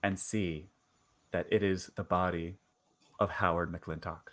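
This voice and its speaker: A man running a tabletop horror game as game master, narrating in a halting way with many fillers. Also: low-pitched, steady tone, a bit bright.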